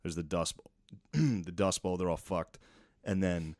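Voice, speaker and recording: Deep-voiced laid-back podcast man. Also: a little slow, a little mellow, dry recording, studio quality. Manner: laid-back, swearing, rambling stories with silly put-on voices. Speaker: podcast co-host. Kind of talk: casual podcast chat.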